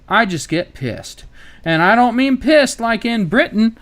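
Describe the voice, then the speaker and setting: A man's voice: very high-pitched, expressive, measured pace, fairly bright tone. An American man doing casual live-stream commentary while taking apart a laptop, wry and a bit profane, thinking aloud as he works. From United States. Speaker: tech repair streamer.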